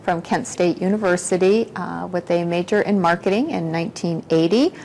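Lowish lady, friendly intro, bit of rumble. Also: normal speed, gravelly, darkish tone, low-quality recording. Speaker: foundation director.

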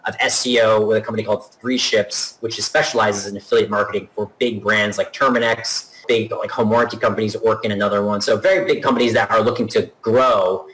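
A man's voice: fairly low pitch, steady tone, fairly quick, hardly any pauses, fairly bright tone, poor audio. A man from New Jersey giving a chatty, rambling introduction of his marketing career. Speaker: marketing professional introducing himself. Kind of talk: casual self-introduction.

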